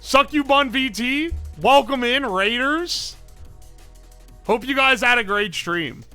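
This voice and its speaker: A man's voice: very high voice, slow pace, clean tone, faint music behind. A man with an Appalachian accent chatting on a live stream, joking around and answering his chat's messages aloud. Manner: joking, animated, reads chat messages aloud and answers them. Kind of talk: casual live-stream chat.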